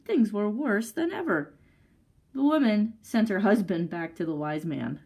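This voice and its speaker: A woman leads a library story time, reading a children's picture book aloud. Her delivery is expressive, with a lively, swooping melody. She breaks off now and then for chatty asides to the kids. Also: medium pitch, a little slow, poor audio.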